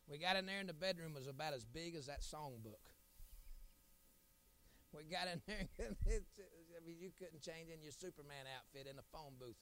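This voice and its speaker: A middle-aged man, an evangelist preaching a sermon, telling folksy stories and building to loud, shouted appeals. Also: on the high side, normal speed.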